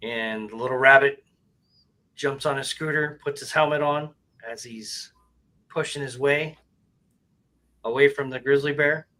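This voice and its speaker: A man in casual banter, telling an animal joke with loud voices for the characters. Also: mid-range voice, steady tone, unhurried, pauses often.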